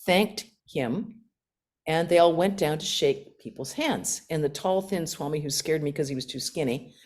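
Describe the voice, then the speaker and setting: Woman, 60s, American nun, animated storyteller, slightly low voice, self-mocking humor. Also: moderate pace. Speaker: guest speaker, nun. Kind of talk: storytelling talk with questions.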